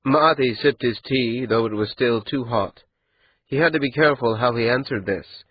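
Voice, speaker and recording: Husky male audiobook narrator. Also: mid-range voice, lo-fi sound. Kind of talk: scripted narration.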